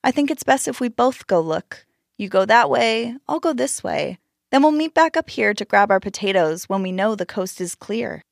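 A woman voicing a cautious, gentle male tortoise in a storybook tale, soft and hesitant. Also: medium pitch, expressive, normal speed, creaky, no room sound, studio quality. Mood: calm.

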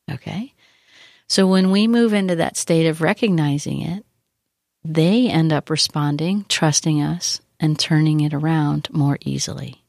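A woman's voice: deep voice, a little mellow, no room sound, studio quality. A woman who works with children, speaking earnestly to parents and teachers and coaching them with frequent rhetorical questions. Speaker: child behavior educator. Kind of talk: advice talk to parents.

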